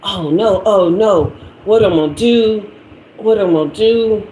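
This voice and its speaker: A woman's voice: medium pitch, measured pace, warm tone, slight background noise, close to an everyday voice. A woman acting out a flustered, clueless man who panics and repeats himself. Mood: panicky. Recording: echoey room.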